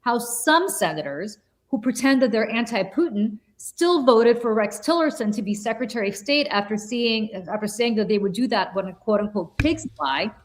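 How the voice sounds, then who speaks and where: A woman's voice: on the high side, lively intonation, moderate pace. A woman co-hosting a political podcast, telling stories in a blunt, profane, fiery way. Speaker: podcast co-host. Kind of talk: heated political podcast talk.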